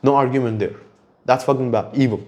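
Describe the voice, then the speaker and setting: A man's voice: medium pitch, steady tone, brisk, a little mellow. A young man hosting a podcast, talking in a reflective, rambling monologue and swearing casually. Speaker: podcast host.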